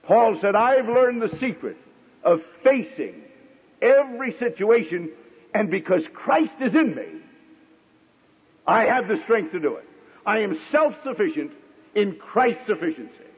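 Middle-aged male preacher, high husky voice, wildly animated delivery, acts out characters, muffled radio-era recording. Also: in a large hall. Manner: dramatic pauses, acts out quoted voices. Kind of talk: sermon.

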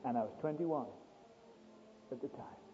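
A man preaching a storytelling sermon, dramatic and swinging between hushed and loud delivery. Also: mid-range voice, normal speed, a little hiss or hum. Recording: tinny phone-like sound in a reverberant hall.

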